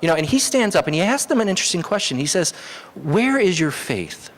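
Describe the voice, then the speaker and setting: A man preaching a sermon as pastor, animated, his voice jumping high for emphasis. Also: brisk. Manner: animated, rises sharply in pitch for emphasis. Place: church hall. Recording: long hall reverb.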